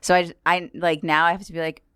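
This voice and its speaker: A woman comedian hosting a podcast, telling a story with lively acted-out quotes in a higher voice. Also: fast talker, clear, resonant tone, no echo, studio quality. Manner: animated storyteller, acts out quotes in a high voice. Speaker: podcast host. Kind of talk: casual chat, storytelling.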